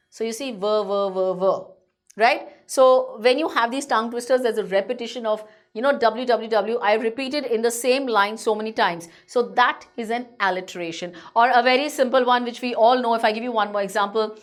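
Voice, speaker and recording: A woman teacher with an Indian English accent, explaining a lesson to students, patient and repeating points to reassure them. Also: a little high. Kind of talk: online class lecture.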